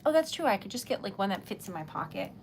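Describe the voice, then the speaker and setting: A young woman hosting a relaxed livestream, chatting casually with viewers as she crafts, rambling and giggling often. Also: mid-range voice, fast talker, slight background noise. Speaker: livestream host. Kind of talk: casual chat while crafting.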